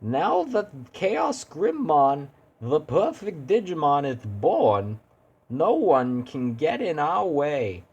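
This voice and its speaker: A man voicing a grandiose, godlike male villain from a digital world, speaking slowly and theatrically in a raised voice. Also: fairly high pitch, sing-song, a little mellow, husky, highs cut off, voice pushed up, heavily acted. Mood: haughty menace. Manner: slow, lofty, theatrical delivery.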